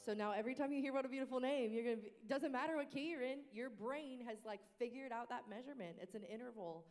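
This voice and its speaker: A woman in a casual panel discussion on worship team practice, talking in an animated way and now and then singing short phrases to demonstrate. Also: fairly high pitch, fast talker. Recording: reverberant room.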